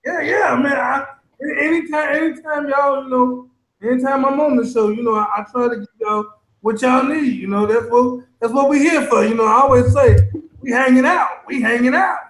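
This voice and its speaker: A man's voice: very high voice, normal speed, a bit bright, echoey room, poor audio. A male livestream host who rambles casually and breaks into improvised freestyle singing. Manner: loose, rambling, sings in a freestyle way.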